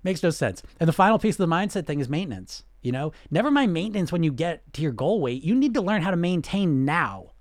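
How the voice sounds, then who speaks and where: Middle-aged guy coaching weight loss, blunt, bouncy high-ish voice, no room sound. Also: a little fast, no echo, studio quality. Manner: blunt, animated, rhetorical questions. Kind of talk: livestream coaching talk answering questions.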